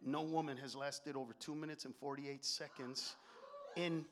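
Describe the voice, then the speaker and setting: A middle-aged man doing stand-up comedy, profane and animated, swinging from mutters to shouts. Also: medium pitch, moderate pace, slight background noise.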